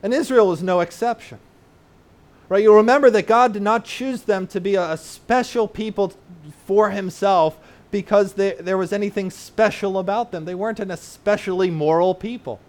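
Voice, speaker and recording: A male pastor delivers a sermon in an earnest, teaching tone, his voice pitched fairly high for a man. He leans on fillers and rhetorical "right?" tags, and slows down to unpack big words for the children listening. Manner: explains terms plainly for children in the congregation.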